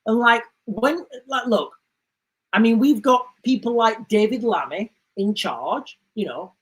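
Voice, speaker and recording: A woman's voice: fairly high pitch, animated, a little slow, low-quality recording. Rambling woman streaming live commentary. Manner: rambling and emphatic, with frequent restarts; addresses viewers directly. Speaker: livestream host.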